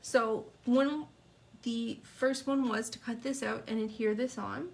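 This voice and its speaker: A woman's voice: on the high side, fairly even intonation, unhurried, gravelly. A woman teaching a live card-making lesson, chatting with viewers as she works. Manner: chatty, talks to viewers while working. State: sniffling, hiccups. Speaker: papercraft instructor.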